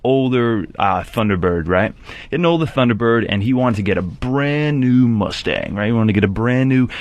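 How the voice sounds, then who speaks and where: A man's voice: mid-range voice, animated, moderate pace. A man in casual chat, telling candid stories from his years selling cars. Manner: candid storyteller, sheepish about past scams.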